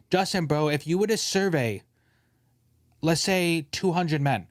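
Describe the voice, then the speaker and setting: Guy hosting a podcast, ranting loud and jokey, pitch going everywhere, dead dry sound. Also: a little slow, no echo. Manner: animated, joking, mimics others in quotes. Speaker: podcast host. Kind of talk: casual podcast rant.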